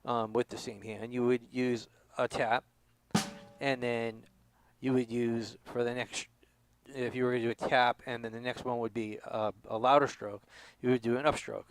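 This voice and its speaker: A man's voice: mid-range voice, flat delivery, moderate pace, a little hiss or hum, poor audio. Man teaching drums, counting aloud. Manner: explanatory, counts aloud with accents. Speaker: drum instructor. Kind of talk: demonstration lesson.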